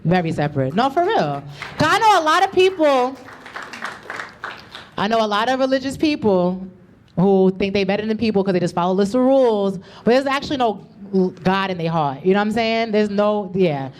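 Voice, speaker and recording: A woman's voice: medium pitch, lively intonation, normal speed, a little hiss or hum. A woman doing a stand-up comedy set with a loose, slangy, conversational delivery. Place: comedy club stage.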